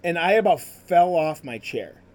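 Slightly high-voiced man telling his story. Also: animated, unhurried, darkish tone. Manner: conversational, full of "like" and "you know" fillers. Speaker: podcast host sharing his ministry story. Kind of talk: casual personal testimony storytelling.

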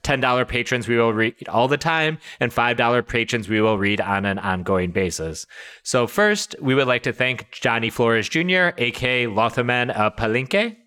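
A man co-hosts a casual podcast, talking easily and laughing lightly between thoughts. His voice is bright and forward, with a smooth, clear resonance. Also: mid-range voice, moderate pace. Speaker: podcast co-host.

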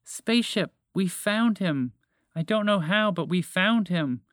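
A man voicing a timid green three-eyed creature that speaks quietly and tearfully in a storybook reading. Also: sits high, expressive, unhurried, no room sound, clean studio sound, pitched above the performer's own voice. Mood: teary.

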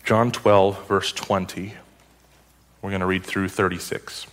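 A male pastor delivers a sermon with a somewhat low voice. He reads scripture aloud, then breaks off into wry, conversational questions to the congregation. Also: flat delivery, a little slow, a bit bright, a little hiss or hum.

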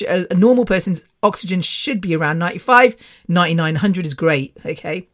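Chatty middle-aged British woman. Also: on the low side. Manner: chatty, rambling, laughs often. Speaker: podcast host. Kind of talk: casual personal monologue.

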